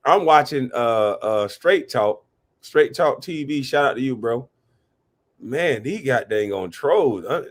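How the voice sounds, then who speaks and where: A man hosting a live reaction stream, talking animatedly, cursing and giving shout-outs to his chat. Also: mid-range voice, expressive, measured pace. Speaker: livestream reaction host.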